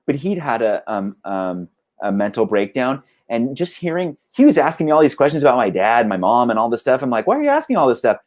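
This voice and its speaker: A man's voice: medium pitch, darkish tone. A man who plays in a band, chatting casually over a video call, rambling with lots of "like" and "dude". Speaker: band member guest.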